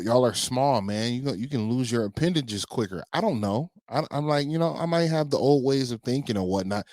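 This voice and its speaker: A man's voice: fairly low pitch, darkish tone, no echo, clean studio sound. A man co-hosting a podcast in easygoing casual chat, telling stories and asking his co-host questions.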